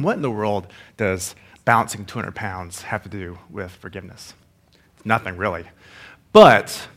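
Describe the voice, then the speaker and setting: A man's voice: mid-range voice, fairly bright tone. A man pastor leading a prayer and then telling a personal story in a sermon, talking casually with lots of fillers and repeated words.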